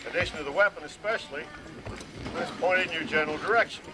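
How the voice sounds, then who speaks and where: A man's voice: a little high, fast talker. A man giving an outdoor reenactment demonstration, explaining rifle drill steadily and barking out commands. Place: outdoors at a historic fort. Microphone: camcorder from a distance. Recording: noisy outdoor camcorder audio.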